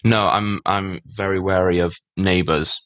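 A man co-hosting a podcast and being interviewed, chatting casually with dry, deadpan jokes. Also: deep voice, a little slow, no room sound, muffled recording. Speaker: podcast co-host, interview guest. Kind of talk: casual chat.

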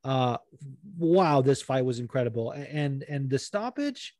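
This is a man co-hosting a sports chat show, talking fast and loose with plenty of swearing and filler words. His voice sits at an ordinary pitch. The sound is close and dry, with no room around it. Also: no room sound. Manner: animated, swears freely, many fillers. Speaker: podcast co-host.

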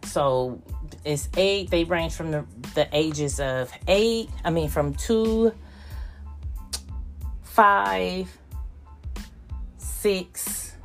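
A woman's voice: fairly low pitch, extremely slow, long pauses, soft background music. An older woman, chatting casually and rambling about her grandchildren, acting out their voices. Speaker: vlogger. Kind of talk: casual chat.

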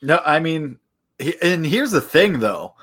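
A man's voice: on the high side, big pitch swings, a little slow, fairly bright tone, breathy edge. A man co-hosting a sports podcast, talking casually with sarcastic asides.

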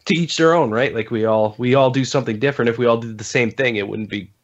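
A man guesting on a podcast who rambles through his gaming stories in loose, casual talk, full of ums and restarts. His voice sits at an ordinary middle pitch. The recording sounds dull and lo-fi. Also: fast. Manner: rambling storyteller, many fillers and restarts.

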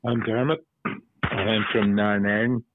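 A man's voice: lowish voice, fairly even intonation, takes it slowly. An Irish man calling in to a show, joking and teasing the hosts in casual banter. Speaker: caller. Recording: dull phone line with faint hiss.

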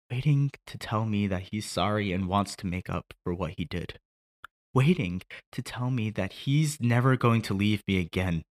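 A man reading a script aloud as a grown son grieving at his dead father's grave, moving from shouting to broken quiet. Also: on the low side, voice pushed up, full character voice. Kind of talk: script read aloud as a monologue.

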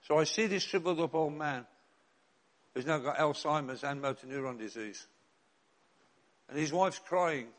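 A man's voice: fairly high pitch, normal speed, pauses often. An older man, a bishop and chaplain preaching a sermon in an earnest, direct way with rhetorical questions and repeated refrains.

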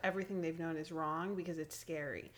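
A woman's voice: low voice, steady tone, fairly quick. A woman chatting as a podcast guest, giggly and agreeable, recorded on one handheld recorder. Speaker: guest, host's sister. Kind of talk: casual chat. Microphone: single handheld recorder.

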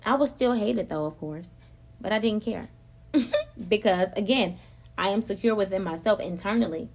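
A woman hosting a casual spiritual talk, animated and laughing often as she speaks straight to her listeners. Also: mid-range voice, moderate pace, slightly rough. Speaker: podcast host.

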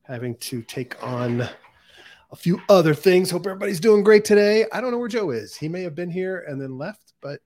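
A man's voice: high voice, animated, brisk, darkish tone. A man hosting a casual livestream on his own, thinking aloud in a rambling, distracted way with lots of fillers. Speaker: crypto livestream host. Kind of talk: casual solo livestream chat.

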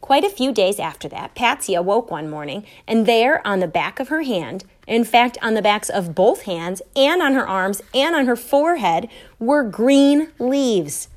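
A woman reading a children's story aloud in a lively, expressive way. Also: a little high, a little slow, few pauses. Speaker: reader.

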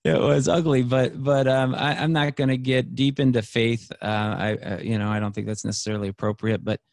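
A man's voice: mid-range voice, flat delivery, fairly quick, darkish tone, no room sound, clean studio sound. A man, a podcast guest, telling a personal story in a rambling, earnest way, full of fillers and restarts. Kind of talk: casual storytelling conversation.

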